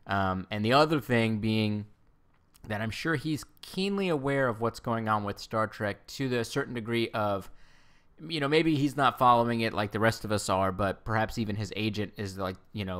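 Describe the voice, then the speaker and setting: A man with a fairly low voice talks through entertainment news in a casual video commentary. He rambles and often corrects himself, with plenty of fillers. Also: normal speed, fairly bright tone, clear, resonant tone. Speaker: Star Trek news commentator.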